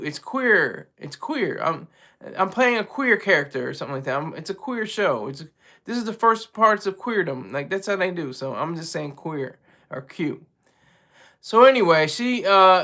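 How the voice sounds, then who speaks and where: A man with a high, bright voice hosts his own show in loose solo commentary. He stops and restarts a lot, leaning on ums and you-knows. He chuckles often as he talks. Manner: halting, rambling, heavy on fillers; chuckles often while talking. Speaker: show host.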